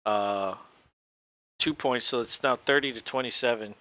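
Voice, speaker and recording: A man's voice: mid-range voice, measured pace, bright, forceful tone. A male podcast co-host doing casual, offhand live play-by-play commentary and swearing now and then, recorded on a dull lo-fi home mic.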